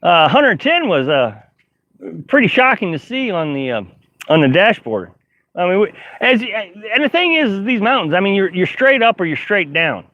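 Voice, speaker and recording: Middle-aged man with a high voice, casually chatting with viewers from his camper. Rambles with lots of fillers, on a dull, lo-fi stream recording. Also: sing-song, normal speed, no echo. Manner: rambling, laughs often, many fillers and restarts. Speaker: RV vlogger hosting a live stream. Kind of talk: casual live-stream chat, reading viewer comments. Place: inside a camper. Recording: dull, lo-fi live-stream audio.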